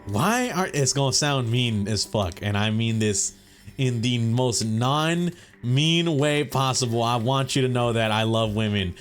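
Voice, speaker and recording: A man's voice: mid-range voice, unhurried, faint music behind. A young man, host of a gaming channel, rambling through a casual story over gameplay, swearing often and saying "bro" and "you know.".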